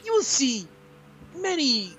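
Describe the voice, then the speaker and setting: A gamer voicing a preachy, mock-reverent guide figure in a Bible video game, with slow, preachy delivery. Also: sits high, big pitch swings, bright, forceful tone, soft background music, pitched above the performer's own voice, exaggerated voice. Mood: mock solemn. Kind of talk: comic voice-over of a game.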